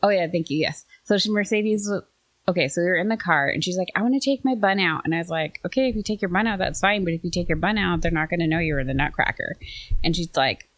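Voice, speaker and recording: A middle-aged woman co-hosting a podcast, telling a family story in a casual, lively way and acting out quotes in higher voices. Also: fast. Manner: animated storytelling, acts out quotes in raised voices. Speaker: podcast co-host. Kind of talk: casual chat.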